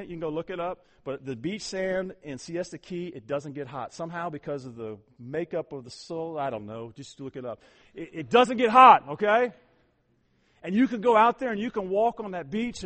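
A male pastor preaching with a fairly high voice, telling stories with animated energy. He pushes hard on key lines and then drops to a hushed, intimate near-whisper. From Ohio. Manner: animated storytelling, swings from loud emphasis to hushed near-whisper. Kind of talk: sermon.

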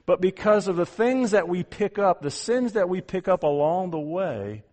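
A middle-aged man delivering a verse-by-verse sermon. His voice sits somewhat high for a man, and he speaks emphatically, doubling words as he stresses each point. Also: lively intonation, moderate pace, a little mellow. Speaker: pastor. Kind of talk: expository sermon.

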